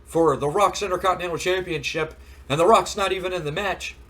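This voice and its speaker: Man putting on a cocky wrestler voice, loud, high-pitched, boastful, third-person bragging. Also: a little fast. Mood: indignant. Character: impression of a brash cocky male wrestler.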